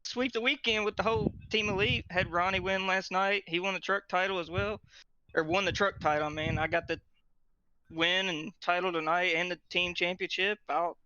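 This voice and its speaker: A young man, out of breath and excited, being interviewed right after winning a sim race championship. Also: high-pitched, moderate pace, smooth. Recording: dry, dull lo-fi mic.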